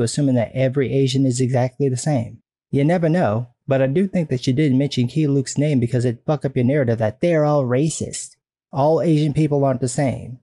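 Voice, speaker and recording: A man's voice: medium pitch, dark tone, no echo. Sarcastic man ranting in commentary. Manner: sarcastic, indignant, profane.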